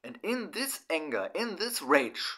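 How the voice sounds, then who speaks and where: A middle-aged German man speaking in halting, broken English. He talks through his feelings in a personal monologue and swears often. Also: a little high, very animated, pushed and bright. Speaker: vlogger.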